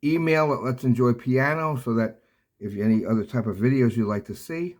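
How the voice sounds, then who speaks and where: An older man teaching piano in a casual, rambling way, halting often with fillers and restarts. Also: medium pitch. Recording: loud piano playing throughout.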